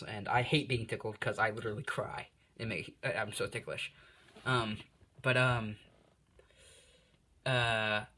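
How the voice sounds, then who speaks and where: A man's voice: medium pitch, fairly bright tone. Rambling young man telling a fan story. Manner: rambling, many fillers and self-corrections. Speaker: fan fiction narrator. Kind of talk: improvised story narration.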